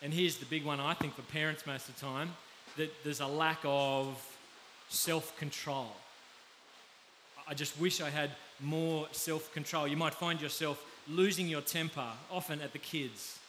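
Bright-voiced Australian male preacher. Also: on the high side. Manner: conversational, pauses to ask the audience. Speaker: pastor. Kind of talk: sermon. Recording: faint background hiss.

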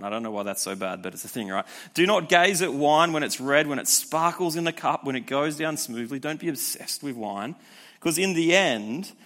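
Energetic youth preacher. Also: male voice, mid-range voice. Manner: energetic and conversational, with rhetorical asides. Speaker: youth pastor. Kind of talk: youth sermon.

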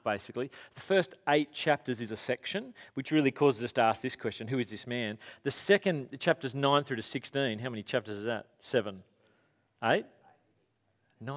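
Male pastor, casual rambling sermon delivery, light self-mocking humour, voice on the high side. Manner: chatty, rambling, self-deprecating asides. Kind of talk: conversational sermon.

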